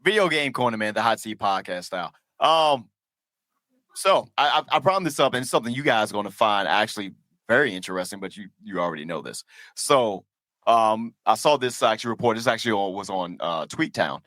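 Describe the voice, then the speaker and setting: Animated, profane male podcast host. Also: on the low side, brisk, no echo. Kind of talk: casual chat.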